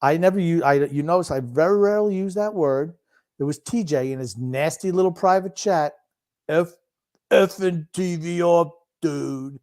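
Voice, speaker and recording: A man's voice: a little high, normal speed, darkish tone. An older man co-hosting a sports podcast, grumpy and teasing in casual chat. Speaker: podcast co-host.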